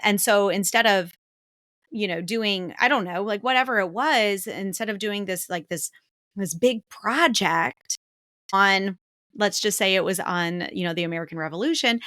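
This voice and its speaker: A woman co-hosting a podcast, talking casually with many fillers and quick agreements. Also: medium pitch, fairly bright tone, dry recording, clean studio sound. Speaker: podcast co-host. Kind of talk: casual conversation.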